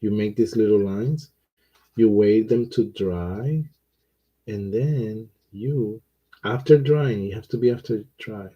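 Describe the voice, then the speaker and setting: A man teaching watercolor, talking through his painting in a relaxed, unhurried way with pauses and fillers. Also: fairly low pitch, breathy edge, lo-fi sound. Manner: slow, thinking aloud while he paints, with pauses and fillers.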